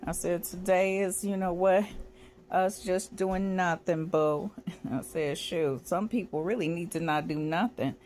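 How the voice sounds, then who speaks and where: A woman's voice: lowish voice, fairly even intonation, measured pace, a little mellow. Profane, laughing woman vlogger. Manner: profane, laughing, quoting herself in asides. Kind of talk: casual rambling monologue.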